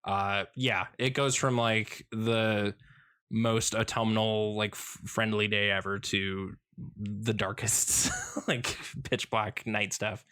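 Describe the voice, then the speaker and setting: A man with a lowish, slightly bright voice and a clear, resonant tone co-hosts a podcast. He chats casually about a comic, rambling along with lots of fillers and restarts and laughing often.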